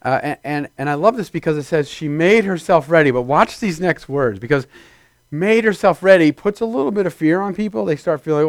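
A man preaches a sermon to his congregation in a loose, conversational style. He slips into playful put-on voices to act out little scenes. His voice sits a little high for a man and sounds dry and close to the mic. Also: lively intonation, a little fast, dry recording. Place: church before a congregation.

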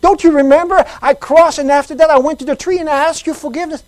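A woman's voice: high-pitched, fairly even intonation, fast talker, darkish tone, dry recording, pitched above the performer's own voice, close to an everyday voice. A woman doing a distraught man pleading. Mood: distressed pleading. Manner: urgent, pleading, insistent. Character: distraught grown man pleading over his donkey.

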